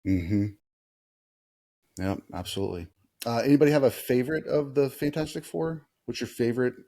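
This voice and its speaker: A man hosting a casual movie podcast, chatting easily with kids, asking them questions and pausing often with "uh". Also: medium pitch, gravelly, warm tone. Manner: easygoing, asks kids questions, many "uh" pauses. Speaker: podcast host talking with kids.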